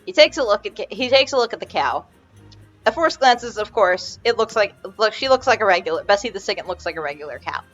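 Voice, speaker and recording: A woman's voice: medium pitch, expressive, fairly quick, muffled recording, soft background music. Rambling woman game master. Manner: rambling, restarts often, many fillers. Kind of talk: narrating a tabletop game.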